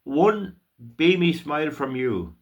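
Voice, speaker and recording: An older man from Ireland reciting a poem with slow, emotional, declaiming delivery. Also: on the high side, very animated, highs cut off. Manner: slow, emotional, declaiming with long drawn-out phrases. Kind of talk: dramatic poetry recitation.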